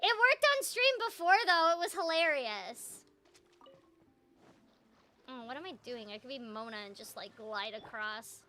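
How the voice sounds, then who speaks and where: A woman's voice: high-pitched, lively intonation, unhurried, long pauses, pushed and bright, a little hiss or hum. A young woman, a voice actor, giving casual, bubbly gameplay commentary, giggling often and filling her talk with "like". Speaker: voice actor streaming a game.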